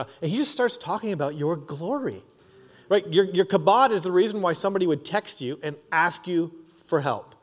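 High-voiced preacher man in a reverberant hall. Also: animated, brisk. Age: 40s. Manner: casual, slangy storytelling with lots of "like" and "dude". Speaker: pastor. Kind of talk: sermon. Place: church auditorium. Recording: long reverb of a large hall.

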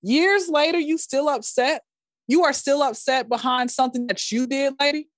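A woman, a podcast guest, telling stories in a casual, animated way and acting out quotes in a high voice. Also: normal speed, no room sound, clean studio sound. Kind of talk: casual storytelling chat.

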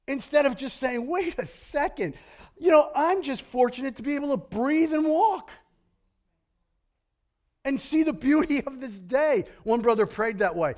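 A middle-aged man preaching a sermon as pastor, animated and jokey, slipping into grumbling impressions. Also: extremely high pitch, measured pace.

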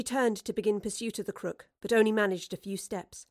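A woman's voice: mid-range voice, brisk, few pauses, a little mellow, no echo, studio quality. A woman narrating an audiobook, reading with expression and voicing the characters. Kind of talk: scripted narration.

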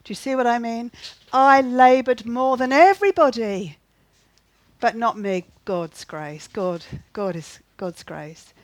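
An earnest woman preaching, her voice sitting a little high, stressing points by saying them twice and checking in with questions to her listeners. The sound is dry and close, with no room echo. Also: slow pace. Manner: earnest, repeats key phrases, asks the listeners questions. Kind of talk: sermon.

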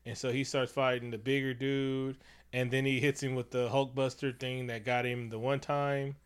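A man's voice: mid-range voice, flat delivery, moderate pace, clean tone. A man retelling a movie's plot in casual, profane chat, jumping into characters' lines as he goes.

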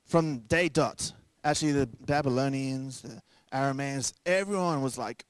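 A man's voice: medium pitch, normal speed, hardly any pauses, clear, resonant tone, no echo. Casual joking young male pastor. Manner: casual, joking asides, acts out quoted voices. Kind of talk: sermon.

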